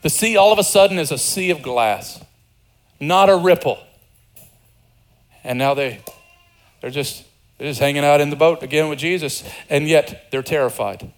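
A man preaching a sermon, animated and conversational, acting out the lines of people in the story with asides to the congregation. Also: a little high, normal speed, long pauses. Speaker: pastor.

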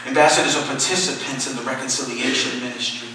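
A man preaching a sermon, moving between quiet, low explanation and loud, impassioned exhortation. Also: fairly even intonation, quick pace, faint music behind. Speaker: pastor. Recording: echoey hall, mic at a distance.

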